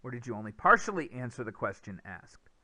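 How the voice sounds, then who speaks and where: A man lectures on speaking-test skills in a bright, forward voice. The sound is dry and close, with no room around it. He explains step by step and taps out speech rhythm in nonsense syllables. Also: mid-range voice, very animated, fairly quick, no room sound. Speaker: English test teacher. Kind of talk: recorded lecture over slides.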